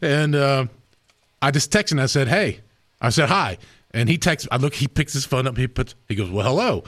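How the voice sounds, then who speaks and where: A man's voice: mid-range voice, fairly quick. A man hosting a radio show who tells a story casually and animatedly, laughing and acting out other voices.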